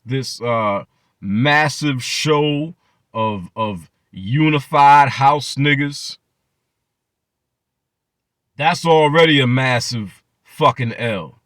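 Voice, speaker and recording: A man's voice: mid-range voice, a bit bright, no room sound, studio quality. A man hosting his channel, ranting in profane reaction commentary and mocking people with repeated phrases. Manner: mocking, profane rants with many repetitions. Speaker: channel host.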